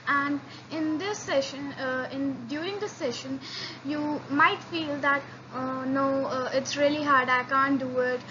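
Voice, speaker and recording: Slow, bright-voiced woman teaching a language. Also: high voice, dull audio, noisy background. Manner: patient, encouraging, repeats sounds for students to copy; frequent restarts and fillers. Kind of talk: beginner language lesson.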